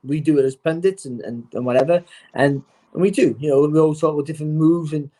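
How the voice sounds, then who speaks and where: A man talking as a boxing pundit in a casual chat, animated and often repeating words as he starts a point. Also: a little high, quick pace.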